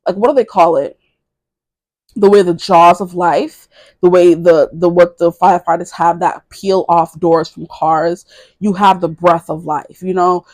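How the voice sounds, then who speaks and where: A woman's voice: fairly low pitch, darkish tone, no room sound. A woman in her twenties giving a casual tarot reading to camera, rambling, correcting herself and giggling. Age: 20s. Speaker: tarot reader.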